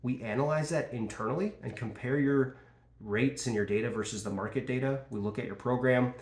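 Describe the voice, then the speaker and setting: A man's voice: medium pitch, brisk. A man coaching insurance sales, talking casually and acting out lines from calls. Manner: casual, animated, acts out call dialogue. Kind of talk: sales training talk. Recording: echoey room.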